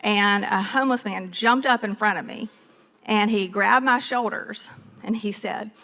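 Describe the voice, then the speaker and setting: A woman's voice: medium pitch, measured pace, bright, forceful tone. A woman on stage giving a motivational talk in an earnest storytelling manner. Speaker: real estate team leader speaking on stage. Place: large conference hall. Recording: long reverb of a large hall.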